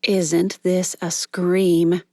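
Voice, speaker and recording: A woman narrator voicing a disdainful glamorous actress who talks in a slow, utterly bored drawl. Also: on the low side, darkish tone, dry recording, clean studio sound.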